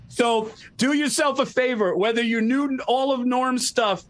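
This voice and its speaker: A man in casual chat on a video call, excitedly retelling jokes with plenty of swearing. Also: very high-pitched, moderate pace, hardly any pauses.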